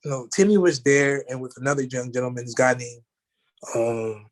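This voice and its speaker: A man's voice: medium pitch, normal speed. Rambling young man telling a story. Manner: rambling, many fillers like "you know" and "like". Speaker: guest. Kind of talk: casual storytelling.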